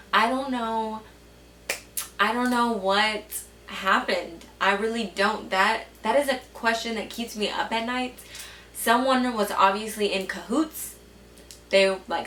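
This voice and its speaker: A woman's voice: mid-range voice, moderate pace, sharp tone, distant mic, a little hiss or hum. A young woman vlogger telling stories casually to the camera. She swears a lot and fills her speech with "like.". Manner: chatty, swears a lot, says "like" often. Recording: echoey room, a bit off-mic.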